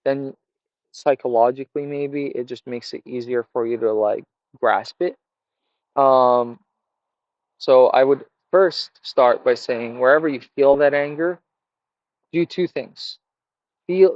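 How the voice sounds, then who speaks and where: Male vlogger, mid pitch, halting thoughtful monologue, lo-fi muffled audio. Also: darkish tone, dry recording. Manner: rambling, hesitant, many fillers and restarts. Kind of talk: casual reflective monologue. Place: outdoors by a fire. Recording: dull lo-fi sound.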